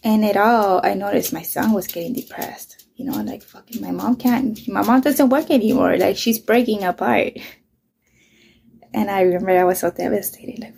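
Profane woman speaking in a low, gravelly voice. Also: normal speed, darkish tone, a little hiss or hum. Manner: blunt and profane, often dropping to a whisper. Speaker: vlogger. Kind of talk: casual storytelling.

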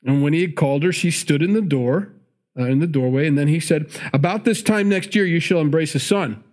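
A man's voice: a little high, a little fast, darkish tone. Man preaching in a chatty, offhand way. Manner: chatty asides between read verses, self-correcting. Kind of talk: conversational sermon, reading and commenting on scripture.

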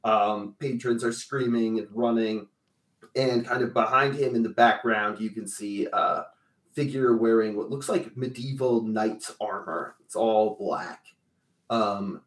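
A man's voice: lowish voice, a little slow, reverberant, distant mic. A man running a tabletop superhero game as game master, chatty and upbeat with many fillers.

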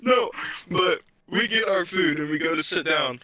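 Guy cohosting a podcast, kinda high voice, laughs a lot, swears, animated storytelling. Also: normal speed, no room sound. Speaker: podcast co-host. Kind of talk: casual chat, storytelling. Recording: dull lo-fi sound.

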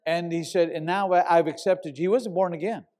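A pastor telling a long personal story in a sermon, animated and casual, sometimes bursting into loud shouts. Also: male voice, high voice, moderate pace, slight background noise.

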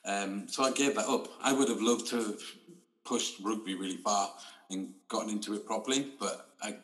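Low-voiced man on an echoey video call. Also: normal speed, a bit bright. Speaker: guest. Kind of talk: casual chat interview.

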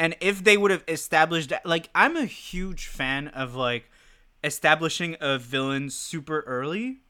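Bright, clear-voiced guy ranting casually. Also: a little high, a little slow. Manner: animated, swearing, lots of "like" fillers. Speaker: podcast co-host. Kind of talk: casual chat. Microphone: podcast mic.

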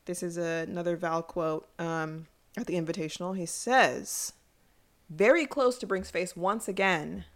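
A woman's voice: lowish voice, a little slow. A woman co-hosting a podcast, chatting playfully about a movie and mimicking its characters. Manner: expressive, playful, mimics characters in swooping voices. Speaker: podcast co-host. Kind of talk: casual movie recap chat.

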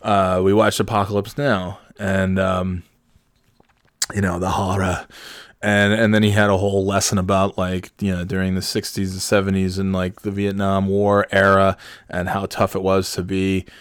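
A man's voice: low-pitched, completely flat delivery, normal speed, clear, resonant tone, no room sound, studio quality. A man telling a story in a loose, rambling way, full of restarts, swearing and exasperation. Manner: rambling, profane, self-correcting and exasperated. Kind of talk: casual storytelling monologue.

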